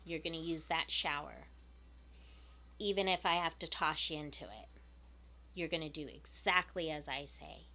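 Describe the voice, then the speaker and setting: A woman's voice: sits low, normal speed, pauses often, sharp tone, voice pushed down. A woman quoting a stern, bossy nurse in a commanding, threatening tone.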